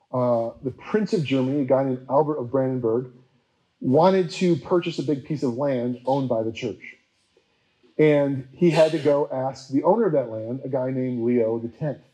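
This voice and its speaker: A man preacher giving a casual, chatty history talk, full of fillers and quickly acted-out quotes. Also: medium pitch, dark tone, rough recording.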